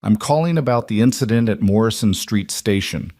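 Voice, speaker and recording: A man voicing an eager female TV news reporter making a brisk, polished pitch over the phone. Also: animated, warm tone, no echo, studio quality.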